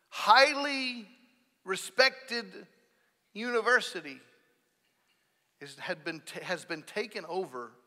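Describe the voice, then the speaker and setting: Pastor guy preaching, high bright voice, gets loud and punchy on key words, long church echo. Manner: emphatic, rising to loud stressed peaks. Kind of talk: sermon. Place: church sanctuary.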